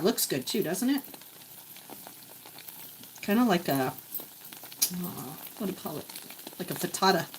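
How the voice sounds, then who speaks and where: A woman's voice: on the low side, slight background noise, rough recording. A woman in her forties chatting casually with viewers as she cooks breakfast in her home kitchen, often talking to herself. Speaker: vlogger. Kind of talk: casual chat while cooking. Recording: faint kitchen sizzle behind.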